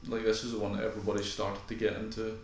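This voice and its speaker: A man's voice: on the low side, little pitch movement, slight background noise. Male podcast co-host, jokey and sweary, room echo. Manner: joking, sweary, acts out quick quoted lines. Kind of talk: casual chat over a viewing. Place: home room. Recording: echoey room.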